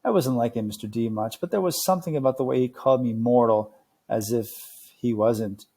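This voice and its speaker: A man reads a novel aloud at a steady pace so that learners can follow along. His voice has a gravelly texture at a medium pitch. The reading stays clear and even. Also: fairly quick. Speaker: narrator. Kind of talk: read-along narration.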